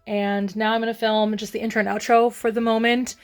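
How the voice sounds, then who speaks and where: Frazzled young woman vlogging, voice a bit on the high side, talks to herself a lot. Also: level tone, a little fast. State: frustrated. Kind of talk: casual vlog chat.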